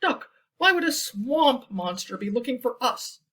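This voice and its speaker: A jittery storybook goose with a raised, breathy voice that swings up and down, put on by a woman reading aloud. He frets and worries, and the voice sounds slightly far from the mic. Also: sing-song, a little slow, bright, forceful tone, full character voice. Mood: nervous. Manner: worried, honking high voice. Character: nervous gentle male goose.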